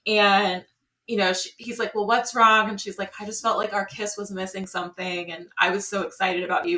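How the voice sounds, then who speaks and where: A woman's voice: medium pitch, fairly quick, echoey room, recorded from a distance. A woman co-hosting a podcast, recapping a reality show in casual chat and acting out the quotes as she goes. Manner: animated storytelling with acted-out quotes. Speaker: podcast co-host.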